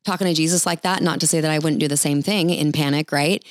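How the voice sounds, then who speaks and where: A woman's voice: low voice, fairly even intonation, fast, dry recording. A woman ministry leader giving an encouraging talk with prayer, earnest and chatty, speaking straight to the listeners.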